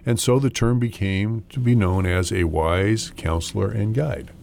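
A man's voice: on the low side, a little slow, gravelly, a little mellow, a little hiss or hum. A middle-aged man hosting a morning radio interview, joking and teasing his guest and laughing often. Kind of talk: casual on-air interview.

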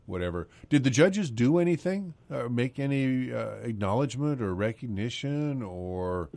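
A man hosting a morning radio news interview, talking haltingly with many fillers and restarts. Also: medium pitch, animated, creaky, a little mellow, no echo.

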